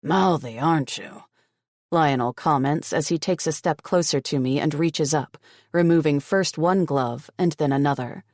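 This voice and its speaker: A woman voicing a cruel older male crime boss, gruff and contemptuous, in a low voice with a dry close sound. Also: normal speed, darkish tone, no echo. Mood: sneering.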